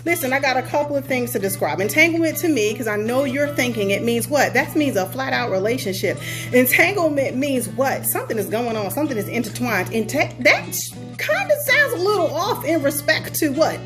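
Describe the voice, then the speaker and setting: A woman's voice: sits high, big pitch swings, a little fast, music in the background. A woman hosting her own show, chatting in a sassy, playful way and talking straight to her listeners. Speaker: podcast host. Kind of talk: casual commentary.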